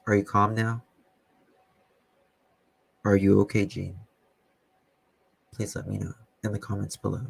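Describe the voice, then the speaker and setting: A man hosting a casual live stream as a web sleuth, reading chat comments in a calm, dry, teasing way. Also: fairly low pitch, a little slow, creaky, long pauses, husky, no room sound.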